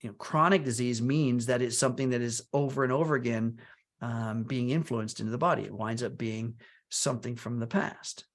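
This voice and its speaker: A man co-hosting a wellness talk, explaining ideas in a halting way and often restarting his words. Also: medium pitch, steady tone. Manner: halting, repeats words as he thinks.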